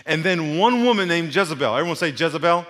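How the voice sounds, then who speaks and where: A middle-aged male pastor giving a sermon, leading the congregation in call-and-response and dropping to a hushed near-whisper to make his points. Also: on the high side, animated, fast talker. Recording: long reverb of a large hall.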